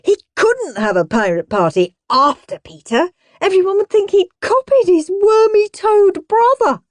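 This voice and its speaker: Slow, expressive woman storyteller. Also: extremely high pitch, no echo. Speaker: audiobook narrator. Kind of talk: scripted narration.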